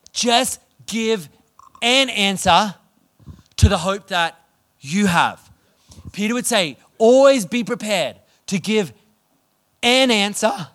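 High-voiced preacher, lively delivery. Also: male voice. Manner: energetic, conversational storytelling. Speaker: pastor. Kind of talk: sermon.

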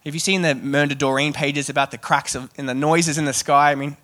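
Male preacher, casual and animated, light self-deprecating humour, slightly higher voice. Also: a little fast. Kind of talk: sermon.

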